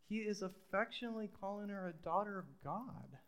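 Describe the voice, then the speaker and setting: A man's voice: high-pitched, brisk, fairly bright tone. A middle-aged man preaching a sermon in a conversational way, repeating phrases and putting questions to the congregation. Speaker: pastor.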